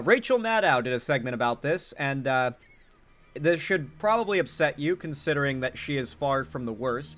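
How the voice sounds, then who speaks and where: Sarcastic and animated, a young man delivers laid-back political commentary in a voice on the high side. He keeps switching between emphatic loud bursts and low asides.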